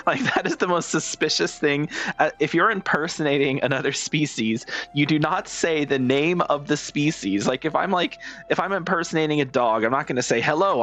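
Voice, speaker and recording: Young man, giggly, rambling, lively delivery, gaming commentary. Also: a little high. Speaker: gaming streamer. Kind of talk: casual gameplay commentary.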